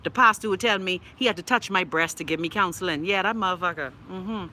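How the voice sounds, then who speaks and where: A woman's voice: on the low side, fast, bright, forceful tone. A Bahamian woman hosting a casual live stream, reading viewer comments in a blunt, sassy, profane way, her throat scratchy from pollen.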